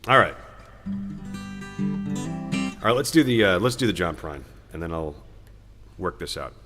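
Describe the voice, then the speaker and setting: A man's voice: low-pitched, expressive, a little slow, in a large hall. A man hosting a live music stream, chatting casually between songs, rambling and joking as he reads viewer comments aloud.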